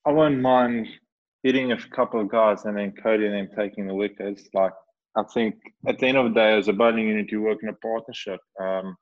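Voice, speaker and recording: A man's voice: lowish voice, dull audio. A man from South Africa, a guest talking casually and laughing easily in an interview from home. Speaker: guest cricketer. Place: home, remote call.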